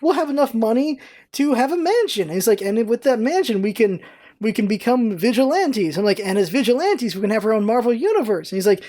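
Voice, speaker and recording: A woman vlogger telling a story in a casual, animated way, acting out quoted lines in a raised voice. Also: a little high, brisk.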